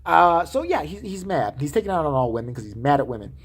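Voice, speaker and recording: A woman's voice: sits low, very animated, fast, husky. A woman vlogger giving profane, sarcastic commentary with frequent swearing. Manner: sarcastic, swearing, laughing asides.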